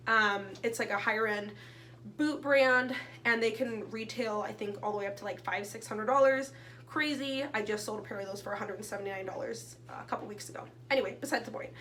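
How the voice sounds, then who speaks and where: Young woman vlogger, chatty storyteller, slightly high voice, faint hum behind. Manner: chatty, animated quoting with voices. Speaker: reseller vlogger. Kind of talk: casual storytelling haul vlog.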